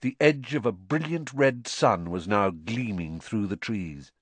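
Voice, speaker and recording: A man narrates a fantasy audiobook with an animated, wide-ranging delivery. The recording is dry and close, with no room sound. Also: on the low side, measured pace, no echo. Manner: expressive storytelling. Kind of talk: scripted narration.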